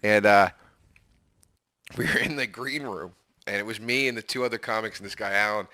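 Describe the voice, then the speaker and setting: A man's voice: fairly low pitch, normal speed, no room sound, clean studio sound. A man co-hosting a casual comedy podcast, telling stories and acting out the lines of others. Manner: animated storyteller, acts out quoted dialogue. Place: apartment.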